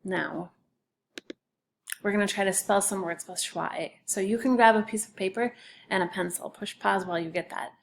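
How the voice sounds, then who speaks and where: A woman's voice: mid-range voice, normal speed, gravelly, a little hiss or hum. A woman teacher giving a recorded spelling lesson for children, patiently sounding out each word by syllable.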